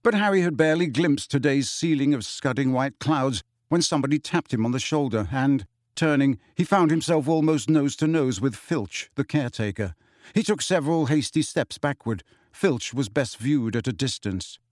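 Male narrator, measured storyteller, dry close studio read. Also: medium pitch, expressive, dry recording. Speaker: audiobook narrator. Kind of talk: scripted narration.

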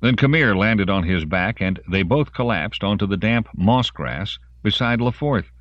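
Deep-voiced man narrating expressively. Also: lively intonation, a little slow, a bit bright, dry recording, dull audio. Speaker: audiobook narrator. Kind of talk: scripted narration.

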